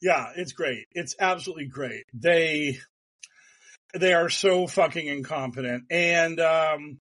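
Man, high voice, sarcastic, rambling casual chat, animated. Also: a little slow. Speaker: podcast co-host.

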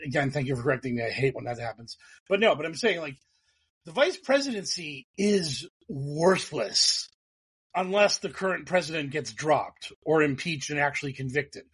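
Husky, high-voiced sarcastic podcast host. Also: male voice, normal speed. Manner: animated, profane, sarcastic, mocks others in put-on voices. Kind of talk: casual political podcast chat.

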